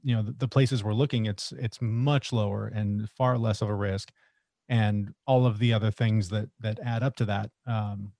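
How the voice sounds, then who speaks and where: A middle-aged man co-hosting a podcast, talking in an earnest, reflective way as he thinks out loud in casual conversation. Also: on the low side, fairly even intonation, normal speed, dry recording. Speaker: podcast co-host.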